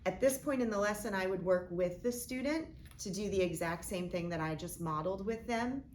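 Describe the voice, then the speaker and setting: A woman teacher modeling a phonics lesson, speaking slowly and deliberately as she sounds out each part of a word. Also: medium pitch, darkish tone, a little hiss or hum. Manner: slow, deliberate, sounding out words.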